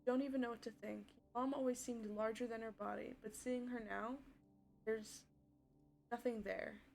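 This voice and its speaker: A woman streamer reading a story game's text aloud on a live stream, with loud, upset outbursts and swearing between the passages. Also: a little high, fairly even intonation, normal speed, creaky, soft background music. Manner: reads narration steadily, then breaks off with loud distressed outbursts and swearing.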